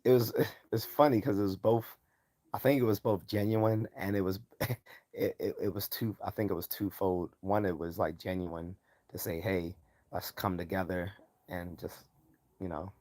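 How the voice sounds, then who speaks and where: A man's voice: lowish voice, fairly even intonation, moderate pace, mellow, no room sound. A man hosting a live stream in a casual commentary style, loose and mocking, chuckling often and swearing freely.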